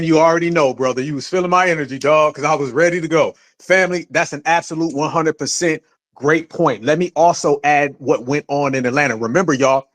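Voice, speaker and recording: A man hosting a livestream talk show, speaking in a fiery, emphatic and profane way. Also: fairly high pitch. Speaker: show host. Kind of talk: heated livestream commentary.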